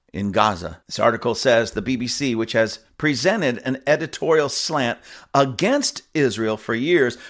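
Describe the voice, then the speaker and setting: A man's voice: mid-range voice, fairly bright tone. A man, a church pastor, giving casual spoken commentary in an emphatic, repetitive way, with scornful laughs.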